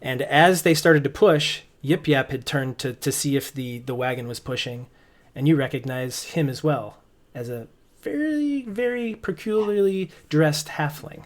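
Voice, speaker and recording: A man narrating as game master, relaxed and rambling with many restarts. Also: fairly high pitch, unhurried.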